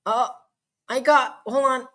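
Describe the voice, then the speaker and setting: A woman hosting a casual live chat, reading out viewer comments in a bubbly, hyper, chatty way with quick asides and laughs. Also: sits high, fairly even intonation, fairly bright tone. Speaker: live stream host. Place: home.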